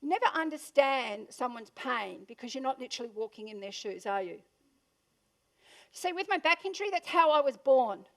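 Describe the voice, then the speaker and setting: A woman's voice: high-pitched, fairly bright tone. An Australian woman giving a motivational talk to a live audience in a room, punchy and full of questions for the listeners. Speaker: motivational speaker.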